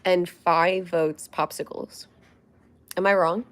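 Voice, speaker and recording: A young woman chats casually on her livestream, rambling through her day with lots of "like" and "um" and quick laughs. Her voice sits a little low for a woman. It sounds picked up by a simple webcam or phone mic. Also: fairly even intonation. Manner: chatty, rambling, laughs often, many fillers. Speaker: livestream host.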